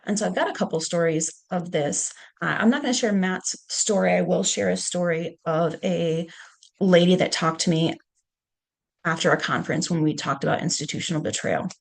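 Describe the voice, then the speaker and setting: A middle-aged woman with a deep, heavily gravelly voice and a husky edge. She speaks in a conversational storytelling manner and often checks in with "okay". This is a leadership presentation. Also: normal speed. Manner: conversational, punctuates points with "okay".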